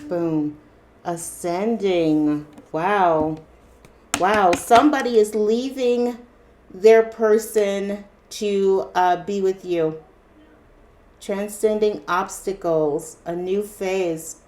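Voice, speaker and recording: A woman reads tarot cards aloud for her viewers in a loose, chatty way, speaking straight to them. She keeps repeating herself and breaking in with small exclamations and fillers. Her voice sits at a middle pitch. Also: extremely slow, darkish tone, a little hiss or hum. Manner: chatty, repetitive, exclaiming "wow" and "interesting"; addresses viewers directly with fillers. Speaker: tarot reader. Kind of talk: casual tarot reading for viewers.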